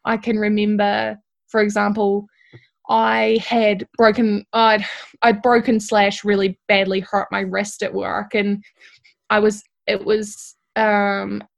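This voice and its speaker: A woman's voice: mid-range voice, little pitch movement, slow, creaky, lo-fi sound. A young woman, an apprentice telling a candid, emotional personal story full of "like" and "you know.". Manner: candid and heartfelt, with lots of fillers like "like" and "you know". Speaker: apprentice tradesperson, guest.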